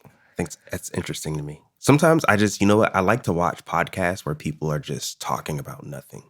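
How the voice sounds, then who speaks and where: A man's voice: low-pitched, lively intonation, fast, fairly bright tone. A man in casual podcast chat, speaking bluntly with a teasing edge. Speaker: podcast co-host.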